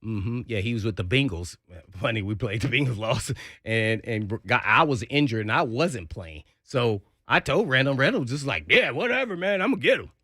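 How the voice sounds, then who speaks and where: Male storyteller on sports radio, bright and dry, acts out quotes. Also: moderate pace, few pauses, no echo. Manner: lively storyteller acting out quotes with big pitch jumps. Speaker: former NFL player telling a locker-room story. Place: radio studio.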